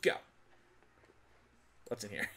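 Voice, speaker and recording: A man commentating a video game in a loose, offhand way. He swears often, laughs at his own jokes and bursts into shouts when things go wrong. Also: takes it slowly. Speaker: gaming channel host. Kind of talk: casual let's-play commentary.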